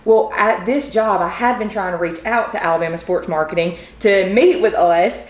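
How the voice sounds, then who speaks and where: A woman, a podcast guest telling a story in a chatty, animated way with many fillers. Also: mid-range voice, moderate pace. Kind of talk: casual storytelling. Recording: roomy echo.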